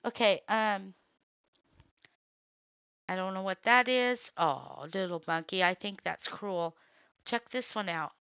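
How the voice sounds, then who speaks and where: A woman's voice: medium pitch, a bit bright, clean tone, dry recording, highs cut off. A woman hosting, giving blunt, reactive running commentary as she scrolls through videos. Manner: blunt, reactive, quick to say nope. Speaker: host.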